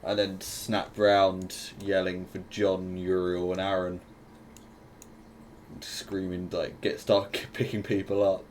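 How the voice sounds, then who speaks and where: Really deep-voiced guy, slow and hesitant, faint hiss behind. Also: monotone, darkish tone. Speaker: player. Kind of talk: tabletop role-play.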